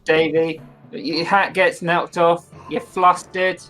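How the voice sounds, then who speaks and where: A man's voice: on the high side, little pitch movement, slow, a bit bright, soft background music. A man acting as game master, casually narrating the action of a tabletop game between laughs.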